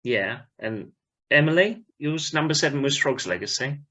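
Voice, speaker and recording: A man's voice: mid-range voice, expressive, moderate pace, sharp tone. A man hosting a podcast in casual chat, upbeat and prompting the others to speak. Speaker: podcast host.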